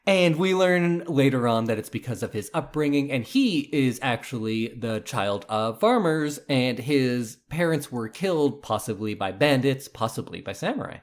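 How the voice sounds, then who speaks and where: A man's voice: medium pitch, animated, normal speed, few pauses. A man co-hosting a podcast, explaining a classic film's history and characters in a casual, storytelling way. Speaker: podcast co-host. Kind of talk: casual film discussion.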